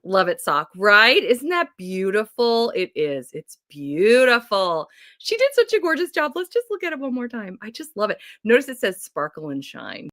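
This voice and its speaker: A woman's voice: medium pitch, wildly swooping pitch, fairly bright tone. Bubbly woman chatting on a livestream. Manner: bubbly, chatty, quick to laugh. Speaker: livestream host. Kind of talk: casual livestream chat. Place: home.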